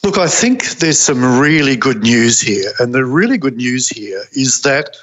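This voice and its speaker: A middle-aged man, a child psychiatrist, giving calm, reassuring explanations as an interview guest over a video call. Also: mid-range voice, a little slow. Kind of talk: interview answers. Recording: dull video-call audio.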